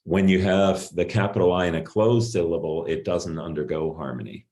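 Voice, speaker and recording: A middle-aged man giving an academic linguistics talk in a measured, explanatory way, with some pauses and fillers. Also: low-pitched, darkish tone. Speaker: linguistics lecturer.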